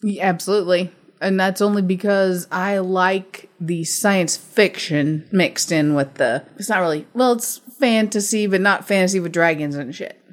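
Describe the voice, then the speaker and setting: A woman's voice: fairly low pitch, moderate pace, hardly any pauses. Dry, teasing woman co-hosting a podcast. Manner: dry, teasing, laughs often. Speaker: podcast co-host. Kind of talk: casual chat.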